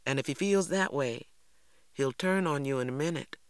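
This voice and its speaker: A man voicing a calm, stern father who speaks in a measured way with a Southern accent. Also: a little high, clean tone, no echo, clean studio sound, close to an everyday voice. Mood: grave. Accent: Southern American.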